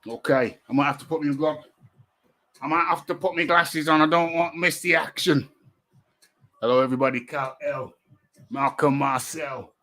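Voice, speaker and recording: A man's voice: fairly high pitch, fairly even intonation, moderate pace, pauses often, bright, forceful tone. A Northern English man hosting a live boxing chat stream, playful and jokey, often repeating his lines and bursting into shadowboxing banter. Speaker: boxing show host.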